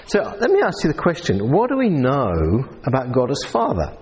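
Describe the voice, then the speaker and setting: A man with a New Zealand accent delivers a sermon to a live audience. His pitch rises and falls a lot, and he often stops to put questions to the room. The voice rings out with a long hall reverb. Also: huge pitch swings, normal speed, a little mellow. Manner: conversational, asks the audience questions. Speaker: preacher.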